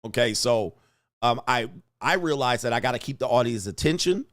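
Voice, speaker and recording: A man hosting a livestream, talking casually with sudden loud bursts and lots of swearing. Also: medium pitch, dry recording, studio quality. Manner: rapid shifts between flat talk and sudden loud bursts, profane. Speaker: live stream host.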